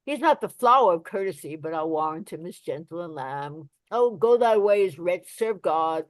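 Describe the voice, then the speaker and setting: A woman's voice: fairly low pitch, expressive, normal speed, no room sound, lightly acted. A woman reading the part of an old, chattering female nurse, rambling and complaining with big swings in volume, in a Shakespeare play reading. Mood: teasing.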